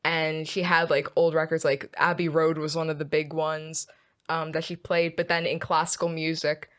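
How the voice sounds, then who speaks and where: A young woman chatting as a podcast guest, halting and laughing often as she recounts stories. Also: low-pitched, level tone. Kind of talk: casual chat.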